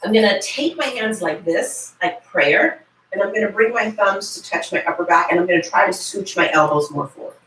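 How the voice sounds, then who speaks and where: A woman teaching yoga, giving calm step-by-step cues and often checking in with "right?". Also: medium pitch, normal speed. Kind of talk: guided yoga instruction. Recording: echoey room from far off.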